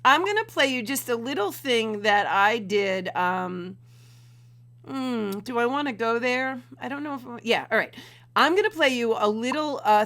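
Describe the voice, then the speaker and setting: A woman's voice: fairly high pitch, fairly bright tone. A woman hosting a casual livestream from home, chatty and fumbling with her setup. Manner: chatty, giggly, fumbling with tech. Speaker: livestream host.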